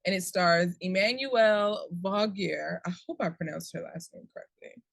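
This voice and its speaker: A woman's voice: lowish voice, normal speed, creaky, no echo. A woman hosting a casual podcast chat about upcoming movies, reading summaries aloud with laughing asides. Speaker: podcast host.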